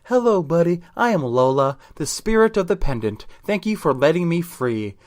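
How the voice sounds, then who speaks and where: Man voicing a female pendant spirit, calm, formal, raised pitch, comedy storytelling. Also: normal speed, no room sound, studio quality.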